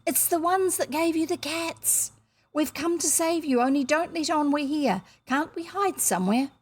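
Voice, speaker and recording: A woman's voice: sits high, moderate pace, pitched above the performer's own voice, natural voice. A woman voicing a kind young girl who speaks in an urgent, breathless whisper, in a storybook reading.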